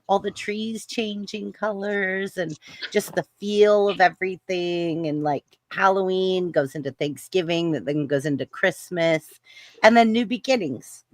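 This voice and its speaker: A woman's voice: lowish voice, a little slow, no echo. Chatty, enthusiastic woman panelist. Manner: enthusiastic, chatty, repeats words. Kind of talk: casual panel chat.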